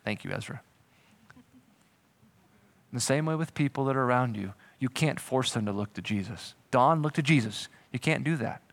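A man preaching a sermon as pastor, lively, slipping into comic voices for imagined people. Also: mid-range voice, moderate pace, long pauses. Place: church.

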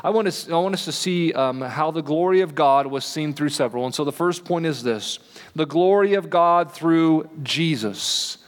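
A man preaching a sermon in a relaxed, conversational way, slowing down to stress key lines. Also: on the high side. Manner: conversational preaching, slows for emphasis. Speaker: pastor. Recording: long hall reverb.

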